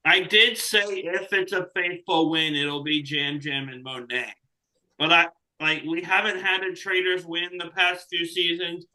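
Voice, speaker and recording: A man's voice: on the high side, steady tone, a little slow, bright, forceful tone, poor audio. A man co-hosting a casual podcast, talking in a wry, joking way. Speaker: podcast co-host. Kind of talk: casual chat.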